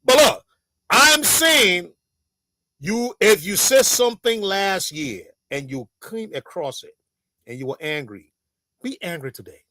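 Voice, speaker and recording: A man on a political talk show panel, arguing in an animated, insistent way and repeating his points. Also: high voice, a little slow, no room sound.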